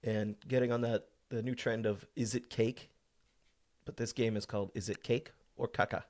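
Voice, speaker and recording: Male podcast co-host, deadpan and low-voiced. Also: normal speed. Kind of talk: casual comedy chat.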